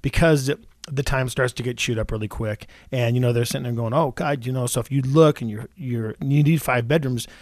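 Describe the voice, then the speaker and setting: A man in his forties hosting a radio talk show as a real estate agent, talking quickly with many restarts and repeated words. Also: mid-range voice, a little mellow, dry recording, clean studio sound. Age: 40s.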